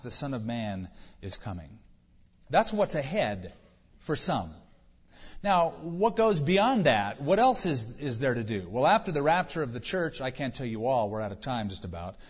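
A male pastor preaches conversationally, asking rhetorical questions and dropping dry jokes. His voice is husky and mid-pitched. The recording sounds dull and lo-fi, with long reverb from a large hall. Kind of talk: sermon.

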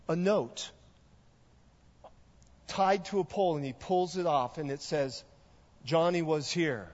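A male pastor preaching a sermon, telling a story in a measured way. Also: sits high. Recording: echoey hall, dull lo-fi sound.

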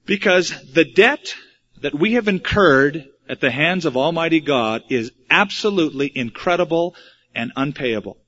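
Guy preaching a sermon, kinda high voice, dull lo-fi sound, dry jokes here and there. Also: animated, normal speed, fairly bright tone. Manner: expository preaching with wry asides. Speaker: pastor. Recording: dull lo-fi recording.

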